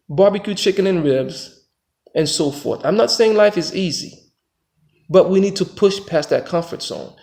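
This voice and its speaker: Gravelly American man preaching motivation. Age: adult father. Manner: emphatic, preachy, swings between loud pushes and low reflective stretches. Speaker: motivational vlogger. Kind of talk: motivational monologue.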